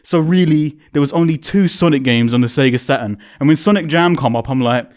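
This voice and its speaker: A young man tells an excited, slang-heavy story about a concert, swearing and acting out his own loud reactions. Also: on the high side, a little fast, few pauses. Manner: animated, swearing, British slang, reacts in loud quoted exclamations. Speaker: video creator.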